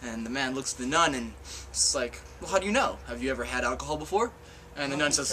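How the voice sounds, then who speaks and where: A young man tells bar jokes casually to friends at home, rambling and hesitating with fillers. His mid-range voice is fast, bright and forceful. A handheld home camcorder records him, with faint background noise.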